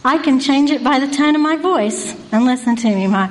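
A woman's voice: high-pitched, expressive, a little fast, low-quality recording. A woman giving an informal Christian devotional talk, earnest and folksy, asking one rhetorical question after another. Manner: folksy and repetitive.

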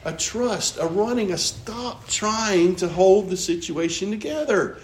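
A man's voice: high-pitched, lively intonation, unhurried. A man preaching a Bible teaching, earnest and musing, asking questions aloud. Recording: roomy echo with faint background noise.

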